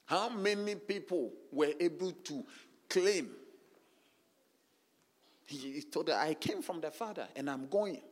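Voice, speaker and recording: A man's voice: a little high, lively intonation, unhurried, long pauses. A man preaching a sermon, emphatic and repetitive, calling out to the congregation with frequent hallelujahs. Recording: long reverb of a large hall.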